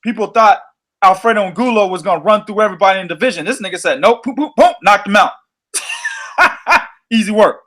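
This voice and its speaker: A man hosting a boxing podcast, telling stories in an animated, profane way. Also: high-pitched, fairly quick, pauses often. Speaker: podcast host. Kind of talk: casual boxing podcast chat.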